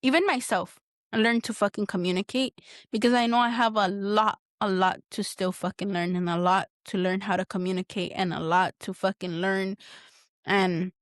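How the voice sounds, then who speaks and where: A woman hosts her own podcast in a candid solo monologue, venting bluntly and emotionally with heavy swearing. She often restarts and repeats herself while hunting for words. Her mid-range voice holds a steady tone at normal speed, recorded in a clean studio with no echo.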